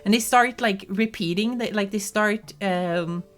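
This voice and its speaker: Swedish streamer lady w southern accent, rambles n swears, mid pitch, faint music behind. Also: measured pace. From southern Sweden. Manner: rambling, laughing, swearing, many restarts. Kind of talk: casual chat.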